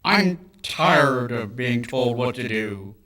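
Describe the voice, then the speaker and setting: A man's voice: mid-range voice, expressive, slow pace, pushed and bright, reverberant, distant mic. A man voicing a stubborn, moody computer that talks back to its owner with sulky defiance. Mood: defiant.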